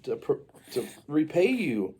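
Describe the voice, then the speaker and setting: A man voicing a big, grateful male ape in an improvised silly story, talking softly and politely. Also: on the high side, very animated, a little slow, husky, pitched above the performer's own voice, exaggerated voice.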